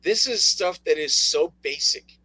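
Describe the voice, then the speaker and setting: A man co-hosting a political talk radio show, talking casually with sarcastic, animated asides and laughs. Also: a little high, unhurried, slightly rough, low-quality recording. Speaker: co-host.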